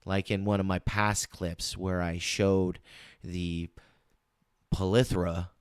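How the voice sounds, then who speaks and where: Slow, smooth-voiced man ranting. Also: sits low, level tone, dry recording, clean studio sound. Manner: rambling, repeats words and restarts, emphatic. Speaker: commentary show host. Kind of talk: casual political commentary.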